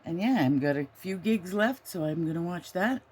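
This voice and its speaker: A woman's voice: lowish voice, expressive, normal speed, a little mellow, husky. An older woman hosting a knitting vlog, chatting casually and rambling, sometimes talking fondly to her dog, recorded on a handheld camera inside a small trailer. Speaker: knitting podcast host.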